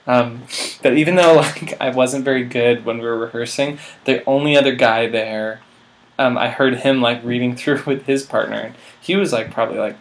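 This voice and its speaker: A man's voice: medium pitch, fairly even intonation, normal speed, a little hiss or hum. A man in his twenties telling a rambling, self-mocking comic story, full of filler words. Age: 20s. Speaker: vlog host.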